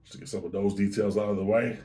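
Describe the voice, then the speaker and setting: A man's voice: fairly low pitch, steady tone, fast talker, warm tone. Laid-back man hosting a whiskey tasting. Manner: chatty, easygoing, self-correcting. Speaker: whiskey reviewer host. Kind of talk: casual tasting review.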